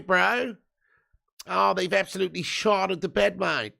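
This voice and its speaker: A man in his thirties with a heavily gravelly, rough-edged morning voice sits just out of bed and hosts a live football stream from home. His pitch sits a bit higher than most men's. He chats loosely, swears freely and jokes his way through viewer comments. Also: unhurried, pushed and bright. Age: 30s. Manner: chatty and jokey, sweary, reads out viewer comments. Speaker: host of a live football watch-along stream. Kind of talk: casual live-stream chat and match commentary.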